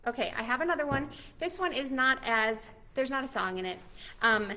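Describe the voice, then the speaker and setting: A woman's voice: sits high, expressive, brisk, sharp tone. A young adult woman, a children's librarian, cheerfully leading kids through a cooking demo and storytime. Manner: cheerful, encouraging, talks straight to kids.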